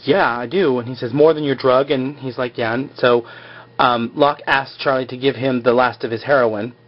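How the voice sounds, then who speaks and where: A man's voice: medium pitch, dull audio. A man casually recapping a TV episode, rambling with lots of fillers like "like" and "you know.".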